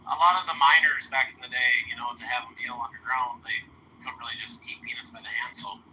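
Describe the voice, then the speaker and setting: A man's voice: medium pitch, quick pace, bright, forceful tone. A man chatting on a podcast, casually explaining and telling short stories. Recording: muffled online call audio, faint hiss.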